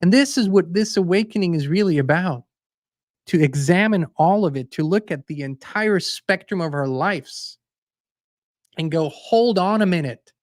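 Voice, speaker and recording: A man hosting his own show, telling anecdotes with emphasis and acting out the other voices, then speaking bluntly and forcefully. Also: on the high side, normal speed, no echo, studio quality. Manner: forceful and blunt toward the end. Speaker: host and songwriter. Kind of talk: casual spiritual monologue.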